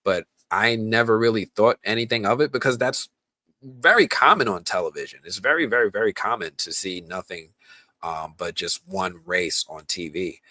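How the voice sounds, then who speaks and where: A man's voice: lowish voice, moderate pace, sharp tone, dry recording. A man hosting a casual movie news podcast, talking loosely with lots of ums and restarts. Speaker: podcast host.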